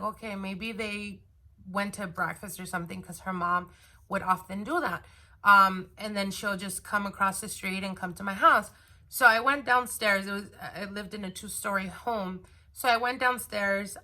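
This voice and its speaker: A woman's voice: mid-range voice, bright, forceful tone. A woman casually telling a personal story to her viewers, rambling with fillers and restarts. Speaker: tarot reader and channel host.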